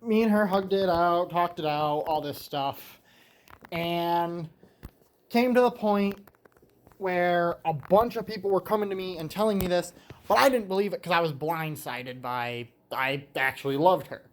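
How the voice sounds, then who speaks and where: A man's voice: high voice, unhurried, a little hiss or hum. A young man in his late teens tells a story in a casual monologue from a garage on a cold day. He rambles with restarts and casual swearing, and sounds slightly winded. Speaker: vlogger telling a story.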